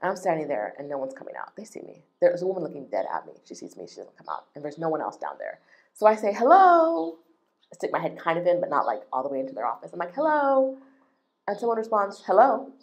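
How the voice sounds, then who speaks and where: A woman's voice: on the low side, vocal fry, a little mellow. A woman running a travel business, ranting in a vlog with an indignant, emphatic manner and lots of repetition.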